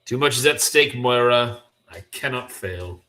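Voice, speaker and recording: Casting: a man doing a stern mutant warlord, bright forceful tone, declamatory. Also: mid-range voice, expressive, measured pace. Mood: grave. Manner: solemn, declamatory reading. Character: grave commanding male mutant leader, older.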